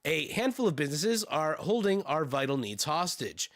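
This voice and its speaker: A man's voice: a little high, big pitch swings, moderate pace, fairly bright tone, no echo, clean studio sound. A man streaming casually, reading news aloud with sardonic, profane asides and laughs.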